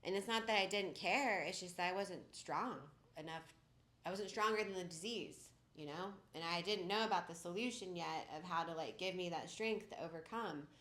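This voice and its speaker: A woman's voice: on the low side, normal speed, a bit bright. Candid woman telling her story, roomy echo. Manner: casual, candid storytelling full of "like" and "you know". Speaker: speaker at a recovery meeting. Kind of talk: personal recovery testimony. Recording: roomy echoing room.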